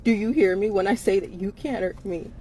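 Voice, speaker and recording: A woman's voice: mid-range voice, a little fast, a crowd in the background. A tired woman on a livestream, talking emphatically and repeating herself with laughs between phrases. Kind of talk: livestream monologue.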